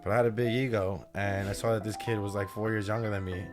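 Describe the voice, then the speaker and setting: A man in his twenties, a podcast guest, speaking low and soft in a relaxed, casual way with loose, filler-laden sentences. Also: fast, music in the background. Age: 20s. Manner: relaxed, talks in loose run-on thoughts with many fillers.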